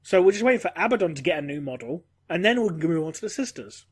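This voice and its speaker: High-voiced joking man. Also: animated, slightly rough. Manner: quick, joking, sure of his facts. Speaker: podcast co-host. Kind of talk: casual podcast chat.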